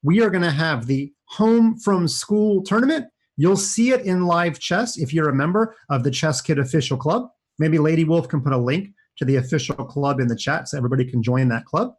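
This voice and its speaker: A man's voice: a little high, expressive, brisk, few pauses. A man commentating his own chess games live for kids, chatty and upbeat, thinking aloud as he plays. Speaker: chess coach and streamer.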